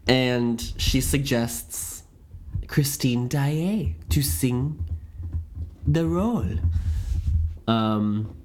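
A man co-hosting a podcast, chatting casually about a film in an animated, jokey way. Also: very slow, pauses often, a little hiss or hum. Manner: animated, jokey, with sudden pitch jumps. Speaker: podcast co-host. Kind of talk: casual film-review chat.

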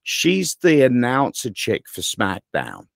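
A man co-hosts a casual podcast, spinning long, profane stories with a lively voice that leaps all over. His pitch sits in the middle for a man. The sound is dry and close, with no room around it. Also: slow, gravelly, no echo. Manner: animated, rambling and profane storyteller. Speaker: podcast co-host.

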